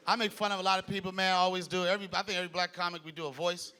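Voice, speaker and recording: A man performing a stand-up comedy set on stage, animated, shouting his punchlines and slipping into voices. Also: sits high, very fast, few pauses, a little hiss or hum. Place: comedy stage before a live audience. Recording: live club with loud crowd laughter.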